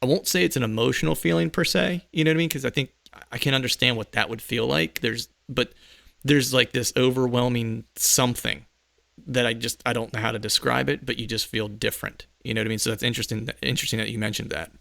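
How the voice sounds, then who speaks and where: A male podcast host with a gravelly edge to his mid-range voice, chatting loosely and circling back on himself. The sound is close and dry, with no room around it. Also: mid-range voice, fairly even intonation, quick pace, a bit bright, dry recording. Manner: rambling, filler-heavy, laughs often. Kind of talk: casual interview chat.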